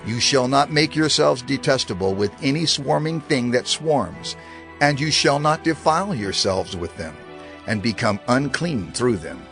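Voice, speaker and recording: A man giving a measured, expressive scripted narration of scripture. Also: mid-range voice, creaky, faint music behind.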